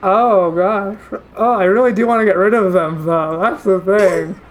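A woman's voice: medium pitch, steady tone, a little slow. A woman playing a tabletop game, playful and often laughing. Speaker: player.

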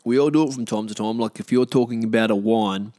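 An Australian man rambles through a casual monologue, self-deprecating and full of fillers and restarts. His voice is on the low side, fast, and dark in tone.

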